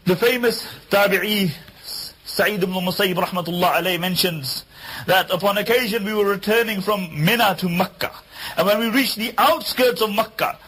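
A man's voice: high voice, a bit bright, breathy edge, rough recording. A man giving an Islamic lecture, telling a story in an earnest, emphatic way and repeating key lines for weight. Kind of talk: storytelling sermon.

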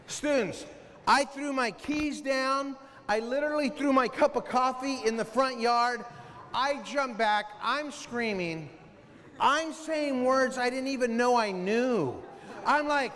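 A man speaking to a school assembly, telling animated stories, acting out scenes and yelling as he mimics himself and his son. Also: very high voice, moderate pace, in a large hall. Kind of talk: animated motivational storytelling. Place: school auditorium.

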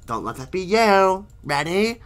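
A man hosting a fan-made object show cartoon, casual and animated, announcing the challenge. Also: sits high, a little slow.

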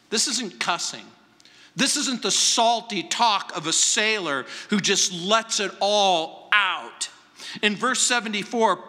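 A man preaching a verse-by-verse sermon as pastor in a large church, speaking deliberately with dramatic pauses and emphatic repetition. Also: high voice, sharp tone. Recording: long reverb from a large hall.

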